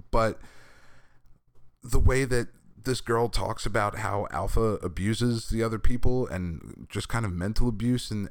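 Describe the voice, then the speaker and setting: A man casually reviewing comics on a podcast, his voice hoarse from being sick, talking candidly with swearing and laughs. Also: on the low side, no room sound, studio quality. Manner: candid, profane, animated rants with laughter. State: hoarse from recent illness. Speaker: comic book podcast host.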